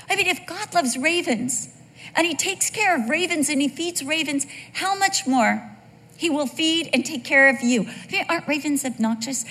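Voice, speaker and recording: A woman preacher delivering a sermon in an animated, joking way. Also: medium pitch, long reverb tail.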